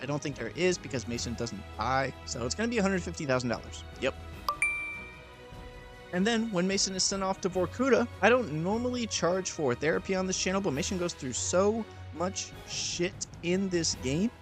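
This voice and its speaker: A young man narrates gameplay commentary over a close mic in a slightly high voice. He is sarcastic and deadpan, and soft game music plays underneath him. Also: moderate pace. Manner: sarcastic, deadpan, talks in fake medical bills.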